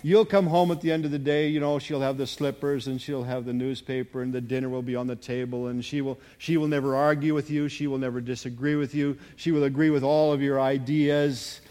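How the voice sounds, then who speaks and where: Give me a genial, coaxing God, as a preacher puts him on, talking a little louder and higher. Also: male voice, flat delivery, brisk, few pauses, close to an everyday voice. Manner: folksy, coaxing salesman tone. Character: genial chatty male God telling a joke.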